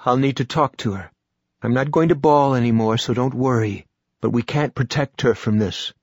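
A man's voice: mid-range voice, moderate pace, a little mellow, dry recording, dull audio, natural voice. A man reading an audiobook, voicing a grieving, exhausted woman who talks in a strained but firm way. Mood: resolute.

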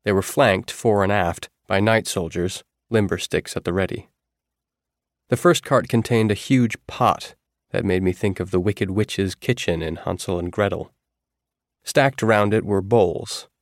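A man narrating a first-person audiobook in a steady, measured way. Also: low-pitched, no room sound, studio quality.

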